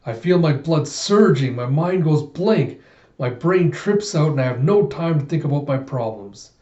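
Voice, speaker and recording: A fierce young cyborg warrior woman who lives for the fight, voiced by a man reading a comic aloud. Her lines come slightly higher and louder than the reader's own voice, fervent and emphatic. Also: animated, moderate pace, roomy sound, highs cut off, natural voice. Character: intense young female cyborg warrior, battle-hungry.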